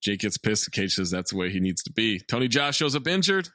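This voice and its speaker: A man's voice: lowish voice, very animated, a little fast, pushed and bright, no room sound, studio quality. A man co-hosting a comedy podcast, wryly recapping a film and laughing often. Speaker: podcast co-host.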